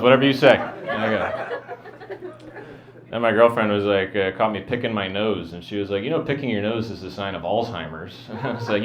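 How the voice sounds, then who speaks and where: A man doing a stand-up set, mumbling in a flat deadpan. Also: on the low side, echoey room. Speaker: stand-up comedian. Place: comedy venue with a live audience. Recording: dull lo-fi live recording with crowd.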